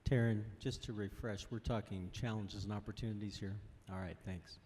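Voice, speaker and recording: A man speaking on a workshop panel, out of breath and halting, with many restarts. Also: lowish voice, fairly even intonation, darkish tone, a little hiss or hum. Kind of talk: panel discussion.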